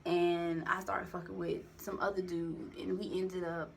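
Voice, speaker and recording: A woman's voice: lowish voice, little pitch movement, unhurried, gravelly, slight background noise. A young woman telling a personal story into a phone camera, rambling and candid with lots of profanity and slang. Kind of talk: casual storytime monologue.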